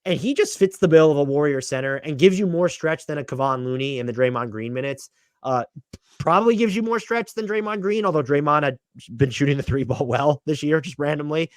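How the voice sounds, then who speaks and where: A man's voice: on the high side, animated, fairly quick, dry recording, clean studio sound. A young man co-hosting a casual podcast, giving strong opinions and thinking aloud. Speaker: podcast co-host. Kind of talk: casual basketball podcast chat.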